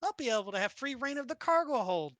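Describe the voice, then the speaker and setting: A woman's voice: high voice, quick pace, no echo, voice pushed up. A woman playing a sly scrappy fox-girl thief. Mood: scheming. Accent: put-on Brooklyn. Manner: deadpan, wheedling, cheeky. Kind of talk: tabletop role-play in character.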